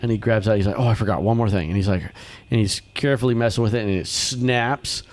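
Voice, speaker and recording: A man with a fairly low voice hosts a relaxed podcast chat. He tells stories in an animated way, jumping far up in pitch whenever he quotes someone. His talk is loose and conversational, with plenty of restarts. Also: fast talker. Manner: animated storyteller, acts out quotes with big pitch jumps. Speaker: podcast host. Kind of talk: casual chat.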